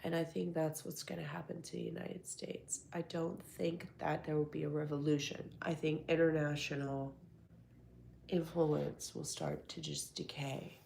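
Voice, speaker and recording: A young woman hosting a casual livestream, hoarse, congested and tired from the flu. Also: deep voice, little pitch movement, darkish tone, slight background noise. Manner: slow, drowsy talk, reading chat aloud. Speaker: livestream host.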